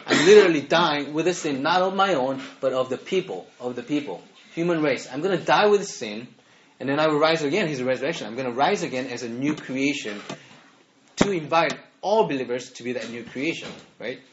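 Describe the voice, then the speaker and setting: A man preaching to a youth group in an animated way, laughing often and checking in with his listeners. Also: fairly high pitch, brisk, slight background noise. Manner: animated, laughs often, keeps asking "right?". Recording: dull lo-fi recording.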